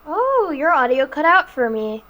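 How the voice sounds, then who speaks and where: Woman, fairly high voice, reading a novel aloud, careful, a little halting. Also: sing-song, a bit bright, rough recording. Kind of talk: live read-aloud of a novel.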